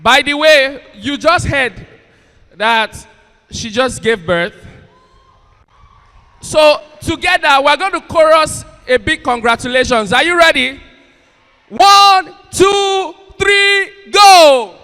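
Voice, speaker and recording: Through a PA ringing with long hall reverb, a man hosts on stage at a large university event hall, doing stand-up banter as comedian and MC and teasing and hyping the crowd. His very high voice is animated, bright and forceful, delivered slowly with long pauses.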